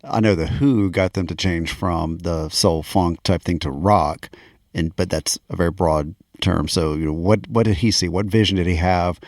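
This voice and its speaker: Male co-host, very deep voice, dry sound, thoughtful questioner. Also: steady tone, normal speed, a little mellow, no echo. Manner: musing, asking questions aloud. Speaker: podcast co-host. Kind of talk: casual chat about music.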